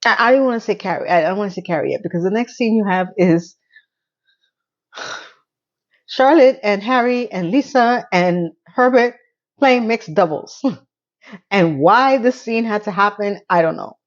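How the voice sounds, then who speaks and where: A woman recapping a TV episode in a loose, casual way. She is blunt and animated and swears freely, with a mid-range voice. The sound is a bit muffled and lo-fi. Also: medium pitch, a little slow, pauses often. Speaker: TV recap vlogger.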